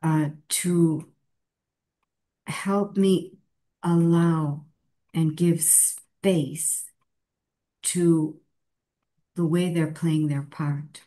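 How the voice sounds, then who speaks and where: A woman talks in a reflective conversation, unhurried and thoughtful. Her voice sits low and sounds mellow. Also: steady tone. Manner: slow, thoughtful, with laughs. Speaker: spiritual teacher.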